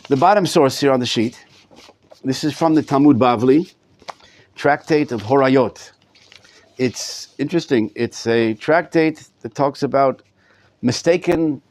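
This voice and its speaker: A middle-aged rabbi gives a live Torah class lecture to students in a study hall, often repeating words as he thinks aloud. His voice is mid-range with a darkish tone.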